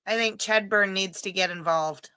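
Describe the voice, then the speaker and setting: A woman in a casual podcast chat, blunt and opinionated, speaking slowly. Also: medium pitch, sharp tone, clear, resonant tone, low-quality recording.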